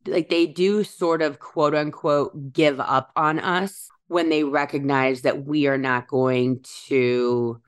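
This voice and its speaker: A woman with a strikingly deep voice talks through spiritual ideas in a relaxed podcast chat. She muses aloud and slows down to stress the words that matter. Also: clean tone. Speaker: podcast host.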